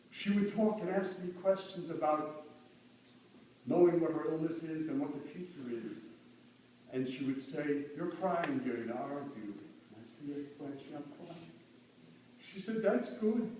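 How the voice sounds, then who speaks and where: A man's voice: on the high side, animated, unhurried, mellow. A man giving an earnest funeral eulogy, mixing in Yiddish and Hebrew phrases and rising to fervent emphasis. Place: funeral hall. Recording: echoey hall from far off, faint hum.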